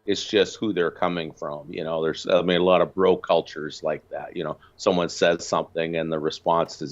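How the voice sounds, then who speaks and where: A man's voice: low-pitched, flat delivery, normal speed, few pauses, dull audio, soft background music. A man calling in to a show, musing in a thoughtful, hesitant way over a choppy line. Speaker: caller. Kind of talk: casual call-in chat.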